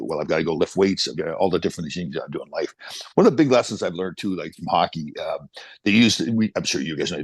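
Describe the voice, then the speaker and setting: A man in his sixties, a podcast guest and motivational speaker, telling stories in an energetic, motivational way. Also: deep voice, husky, no room sound. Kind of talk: casual chat, storytelling.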